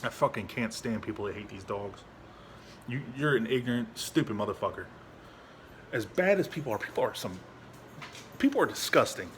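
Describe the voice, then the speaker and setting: This veteran vlogger sounds animated, brisk and a bit bright as he rambles bluntly at home, swearing often and restarting sentences. When he addresses his dog, he switches to high baby talk, and slight background noise is audible.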